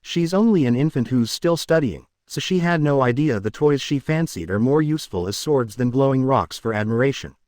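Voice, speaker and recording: Deadpan male ogre, worn out, exasperated, man reading him, lively pitch. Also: brisk, hardly any pauses, no room sound, studio quality, lightly acted. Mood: weary. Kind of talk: fan fiction reading.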